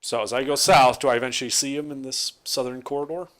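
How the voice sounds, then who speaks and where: A man's voice: mid-range voice, fairly even intonation, fast talker, a bit bright. A man playing a tabletop game, cheerfully speaking in character as a preaching cleric. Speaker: player.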